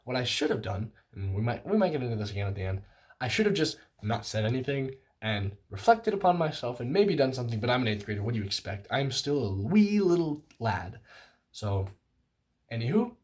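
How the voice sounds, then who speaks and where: A man's voice: medium pitch, a little fast. Self-mocking young man telling a story. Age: young adult. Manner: self-mocking, animated, lots of fillers. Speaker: vlogger. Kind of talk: casual storytelling to camera.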